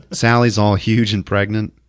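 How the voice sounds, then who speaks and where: A man's voice: on the low side, expressive, slow pace, dry recording, clean studio sound. A man hosting a podcast, recapping a movie in a casual way and acting out the lines in put-on voices with frequent laughter. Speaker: podcast host.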